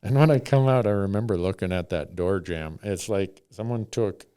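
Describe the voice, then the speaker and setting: A man's voice: low voice, moderate pace, warm tone, smooth, dry recording, studio quality. A middle-aged man, a podcast host, telling a story in a laid-back, wry way. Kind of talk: casual storytelling.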